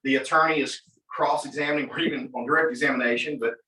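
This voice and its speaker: A man who is an attorney, coaching a class on mock trial in an animated way, acting out courtroom exchanges. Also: mid-range voice, fast, slight background noise. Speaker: attorney, guest speaker. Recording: echoey room, mic from far off.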